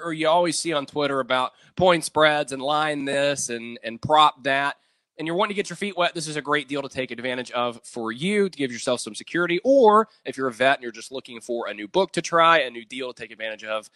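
Male sports co-host with a forceful, bright voice and a dry, close sound. Confident and animated. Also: mid-range voice, brisk, no echo. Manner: animated, confident opinions, reads ad copy smoothly. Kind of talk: live-streamed sports talk.

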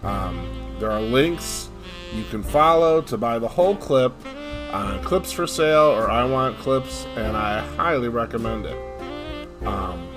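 A man's voice: medium pitch, slow pace. Male podcast host over guitar music. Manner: relaxed, rambling with many fillers. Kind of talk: casual show outro. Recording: guitar music playing behind.

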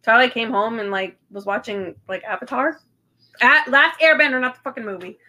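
Bright-voiced chatty woman podcaster. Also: fairly high pitch, brisk. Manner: chatty, swears freely, many ums. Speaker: podcast co-host. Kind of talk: casual chat recap.

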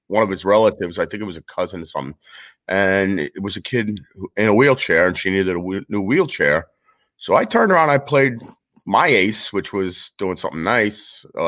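This brash guest collector has a New York accent and a low-leaning, slightly bright voice. Chatting casually over a remote call, he tells rambling stories full of jokes.

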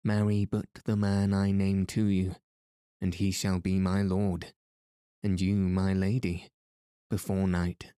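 A man's voice: low voice, completely flat delivery, slow, mellow, smooth, dry recording, clean studio sound. A man reading the lines of a stern, hunchbacked medieval duke in a harsh, curt way.

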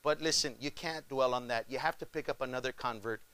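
A male pastor preaching a sermon, addressing the congregation as folks and swinging from shouts to hushed pleas. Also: medium pitch, brisk, clean tone.

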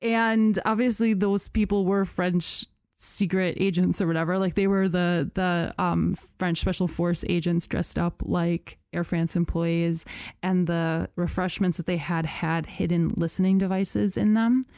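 A woman tells a story on a podcast in a loose, chatty way, full of "like" and "you know". Her voice sits a little low and sounds mellow. The recording is close and dry. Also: flat delivery, a little slow, dry recording. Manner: chatty, lots of "like" and "you know", laughs often. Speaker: podcast host. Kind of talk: casual storytelling chat.

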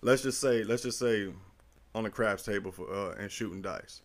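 A middle-aged man in casual chat, telling a long story in a rambling, animated and profane way. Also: fairly low pitch, normal speed.

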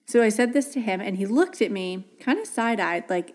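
A woman hosting a parenting podcast, talking casually and gently, often acting out soft reassuring dialogue with children. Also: medium pitch, normal speed, hardly any pauses. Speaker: podcast host, parenting educator. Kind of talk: casual solo podcast talk.

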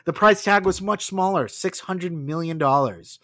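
A man's voice: high-pitched, moderate pace, no echo. A man hosting a podcast, narrating history casually with wry asides. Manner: animated storytelling with asides and laughs. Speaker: podcast host.

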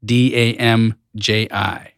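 Clear-spoken male podcast guest. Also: fairly low pitch, level tone, fairly bright tone, no echo, clean studio sound. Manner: spells out his handles slowly and clearly. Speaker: podcast guest, real estate investor. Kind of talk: casual podcast conversation.

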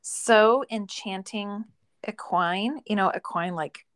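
A woman's voice: medium pitch, slow, no room sound, studio quality. A woman co-hosting a podcast in casual chat, chatty, trailing off mid-sentence and laughing often. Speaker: podcast co-host.

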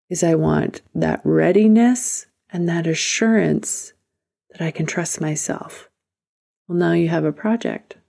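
A woman's voice: lowish voice, creaky, mellow. A woman hosting a self-help podcast, speaking earnestly and emphatically, sometimes dropping to a whisper for emphasis. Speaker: podcast host. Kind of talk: motivational self-help talk.

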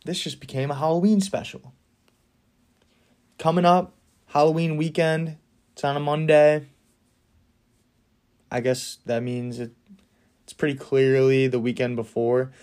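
A man's voice: on the high side, steady tone, unhurried, pauses often, darkish tone. A young man hosting a casual solo podcast, talking enthusiastically and with firm opinions, often laughing between remarks. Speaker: podcast host.

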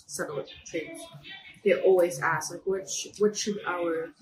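A woman's voice: lowish voice, steady tone, moderate pace. A woman co-hosting a podcast, chatting casually over a meal and laughing easily. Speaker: podcast co-host. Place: fast food restaurant. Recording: echoey room with crowd noise.

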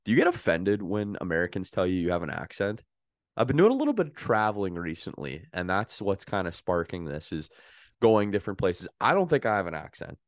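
A Canadian man co-hosting a podcast, speaking with a Canadian accent. His voice sits low but swings widely in pitch as he tells animated stories. He laughs readily and swears in casual banter, recorded dry and close. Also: fairly quick, no room sound. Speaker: podcast co-host.

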